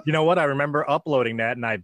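A man's voice: a little high, racing, fairly bright tone, no room sound. A man co-hosting a casual comedy podcast, cracking crude jokes and swearing freely. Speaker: podcast co-host.

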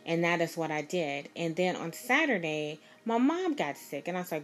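Woman, low voice, casual rambling storyteller, emphatic and repetitive, close mic. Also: expressive, normal speed. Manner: rambling, emphatic, repeats herself. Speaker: vlogger.

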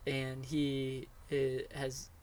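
A man interviewing, thinking out loud, searching for words and often restarting his sentences. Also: mid-range voice, monotone, drawn-out words. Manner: thoughtful, searching for words, repeats himself. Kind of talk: casual conversation.

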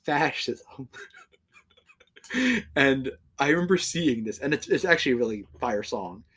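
A young man co-hosting a podcast, chatting casually, swearing and laughing, with lively mock-shouted quotes. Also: medium pitch, normal speed, breathy edge. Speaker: podcast co-host. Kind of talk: casual chat.

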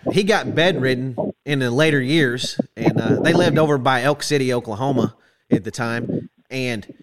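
A man's voice: mid-range voice, moderate pace, over a noisy crowd. A man hosting an interview, chatting casually, asking questions and sharing family anecdotes. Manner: relaxed, asks questions, tells family anecdotes. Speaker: podcast host. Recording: loud background noise.

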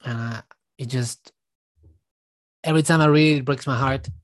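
A man giving reflective commentary to his viewers, talking earnestly and haltingly with frequent restarts. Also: mid-range voice, fairly even intonation, no room sound. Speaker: vlogger.

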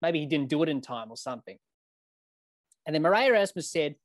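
A man's voice: a little high, fast, no room sound. A man hosting a podcast interview, recorded dry and close. He reads long setups to his guest. He often turns to him by name. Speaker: podcast host.

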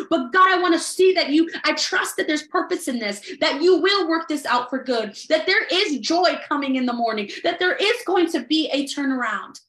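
High-voiced woman preaching in an echoey room. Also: fairly bright tone. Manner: earnest, repeats phrases for emphasis. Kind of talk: sermon. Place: livestreamed service.

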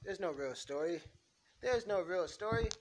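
Guy doing a brushing-off lawyer, highish voice, hissy noisy audio. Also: lively intonation, normal speed. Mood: dismissive. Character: smooth defensive male defense lawyer.

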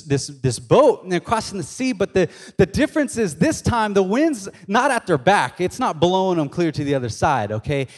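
A male pastor preaching a casual storytelling sermon, joking and talking straight to the congregation in a church. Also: on the high side. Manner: conversational and joking, addressing the congregation. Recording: long reverb of a large hall.

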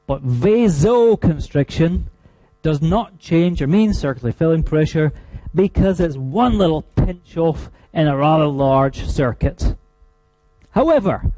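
A man with a Scottish accent giving a university lecture, stressing key terms slowly and making dry asides to the class. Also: on the high side, dark tone, no room sound.

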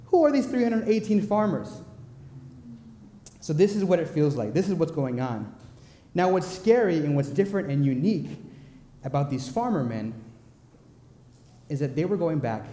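A young man preaching a sermon, telling stories in an animated, joking way. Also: fairly high pitch, moderate pace, a little hiss or hum. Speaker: pastor. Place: church. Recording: echoey church hall.

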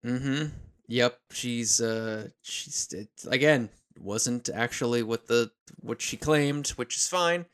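A man's voice: mid-range voice, takes it slowly, fairly bright tone, clean tone. A man co-hosting a podcast, rambling casually with wry asides while discussing an episode. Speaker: podcast co-host. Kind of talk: casual episode recap chat.

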